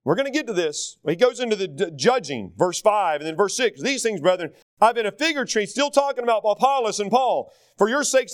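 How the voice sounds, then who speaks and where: A middle-aged pastor with a Southern accent delivers a lively, self-mocking sermon. His voice sits high and leaps up and down as he acts out the people he quotes. The sound is dry and close. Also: clean tone, no echo.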